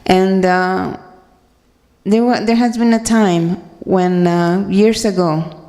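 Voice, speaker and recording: Woman, devotional speaker, earnest and halting, raspy fry, reverberant hall. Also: medium pitch, steady tone, warm tone. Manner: earnest, halting, many fillers and restarts. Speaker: speaker sharing at a devotional gathering. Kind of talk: personal talk to a congregation.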